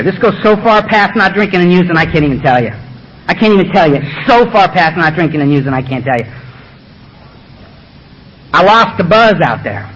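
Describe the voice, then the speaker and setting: A middle-aged man telling his recovery story to a meeting, animated and acting out the voices of others. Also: sits high, muffled recording, a little hiss or hum. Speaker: AA speaker. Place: meeting room with audience.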